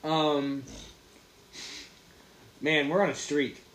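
Young male host, from Ohio, jokey banter, higher voice, echoey room. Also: steady tone, extremely slow, a bit bright. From Ohio, USA. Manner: joking, wry banter. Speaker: podcast host. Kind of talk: casual chat. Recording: roomy echo.

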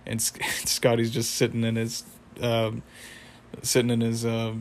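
Young male recapper, monotone delivery, loose and rambling, mid-range pitch, chuckles between lines. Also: unhurried, slight background noise. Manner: rambling, self-correcting, chuckles, acts out quotes. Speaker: cartoon episode recapper. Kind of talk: casual retelling with impressions.

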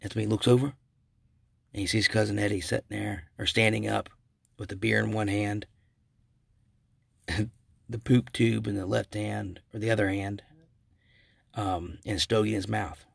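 A male podcast host with a low, gravelly voice and a husky edge. He rambles through stories in casual chat, correcting himself and chuckling as he goes. The sound is dry and close, like a home mic with no room behind it. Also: level tone, moderate pace, long pauses, no room sound. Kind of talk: casual solo podcast commentary.

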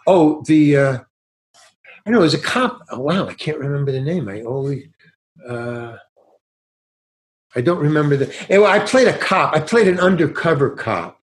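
An older man spins a long, rambling anecdote in a casual interview. He circles back and restarts his sentences, and now and then slips into acted snatches of dialogue. His voice sits at an ordinary, mid-range pitch for a man. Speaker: guest actor.

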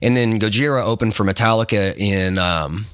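A man with a lowish, clear, resonant voice talks at normal speed in studio-quality sound with no room sound. A guest photographer on a podcast, he tells a long, rambling story in casual interview fashion, full of fillers and restarts, acting out the others vividly.

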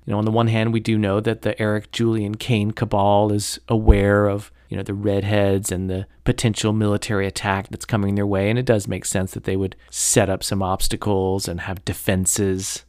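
A man's voice: lowish voice, monotone, moderate pace, few pauses, darkish tone, no room sound, clean studio sound. A man hosting a podcast, chatting casually and critically about a novel, rambling with lots of fillers. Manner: rambling, many fillers and hedges; critical, opinionated commentary. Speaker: podcast host discussing a novel. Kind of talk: casual chat.

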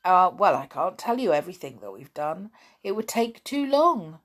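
A woman's voice: fairly low pitch, big pitch swings, normal speed. A woman reading aloud, voicing a boy who cheerfully boasts of his adventures. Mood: boastful. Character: lively boy telling tales of adventures.

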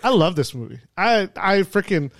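A man's voice: high voice, sing-song, normal speed, no echo, studio quality. A man hosting a podcast, chatting casually about movies, rambling and swearing with frequent laughs. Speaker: podcast host. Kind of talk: casual movie review chat.

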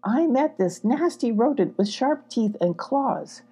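A woman voicing a curious, fearless young male kitten in a storybook reading, speaking calmly. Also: fairly high pitch, unhurried, husky, pitched above the performer's own voice, full character voice. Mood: calm bold. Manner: calm, unafraid.

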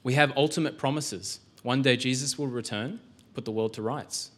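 Guy preaching a sermon in church, chatty and loose, lots of questions and false starts, middle pitch. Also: normal speed, a bit bright. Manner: conversational, with frequent restarts and rhetorical questions. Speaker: pastor.

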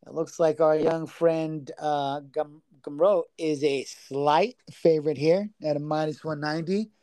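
A man's voice: fairly high pitch, steady tone, a little slow, mellow, no room sound. A man co-hosting a casual sports betting podcast, talking loosely, swearing freely and stumbling over fighters' names. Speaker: podcast co-host.

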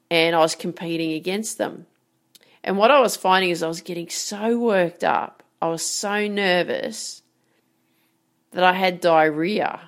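A woman, talking straight to her audience as a sports mindset coach, earnest and emphatic, with frequent rhetorical questions. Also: on the low side. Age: 40s. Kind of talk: direct-to-camera coaching talk.

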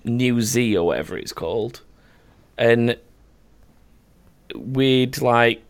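A young man hosts a loose, chatty podcast. He tells rambling stories, laughs often and swears freely. His voice sits at an ordinary middle pitch. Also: expressive, takes it slowly. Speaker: podcast host. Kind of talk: casual chat.

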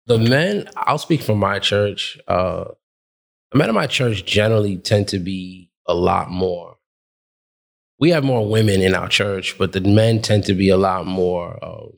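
A man's voice: low voice, animated, a little slow, gravelly. A man who is a pastor and guest on a casual panel, carefully hedging and qualifying what he says. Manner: hedging and qualifying his points.

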